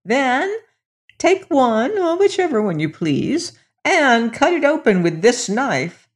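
A mysterious old crone of the woods, voiced by a storybook reader, speaks in a high, strained tone. Her words come slow and deliberate, with a strange, far-off timbre unlike the reader's usual voice. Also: big pitch swings, full character voice. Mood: instructing. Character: old female forest crone, helpful and mysterious. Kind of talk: storybook reading.

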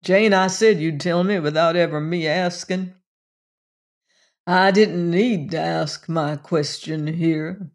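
A weary, gray older gunman speaks in a slow frontier drawl, as an audiobook reader puts him on. His voice is mid-pitched and unhurried. He sounds gentle and worn rather than fierce. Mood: earnest. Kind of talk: audiobook reading.

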